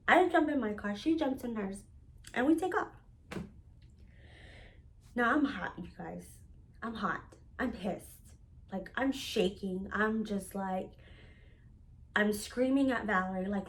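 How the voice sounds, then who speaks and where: A young woman recounts a wild fight story in casual vlog style. Her voice sits a little high, and she talks with loose, profane energy, slipping into quoted voices as she goes. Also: moderate pace. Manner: animated, profane, acts out quoted lines. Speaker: storytelling vlogger.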